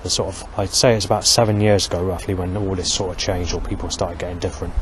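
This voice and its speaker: Low-voiced and flat, this middle-aged male vlogger talks fast in a meandering, rambling monologue. He restarts often and swears freely, and the outdoor recording picks up street and traffic noise.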